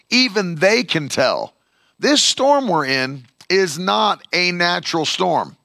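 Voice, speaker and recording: A man preaching a sermon as a pastor, animated, acting out the voices of the people he quotes. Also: on the high side, gravelly, dry recording, studio quality.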